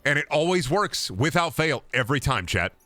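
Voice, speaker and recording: A man's voice: on the high side, very animated, normal speed, bright, forceful tone, no echo, faint music behind. A man streaming a video game, joking, rambling and trash-talking in casual chat.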